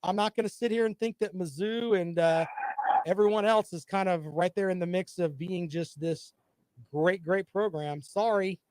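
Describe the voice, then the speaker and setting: A man's voice: high-pitched, steady tone, normal speed, a little mellow, dry recording. A man co-hosting a sports talk show, teasing his co-host in rowdy, joking banter. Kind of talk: casual sports chat.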